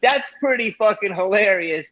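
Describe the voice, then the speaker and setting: A middle-aged man as a guest on a casual podcast, talking in a quick, loose way and swearing offhandedly. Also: high voice, expressive, pushed and bright, highs cut off. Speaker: guest, comedian and show creator. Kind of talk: casual interview chat.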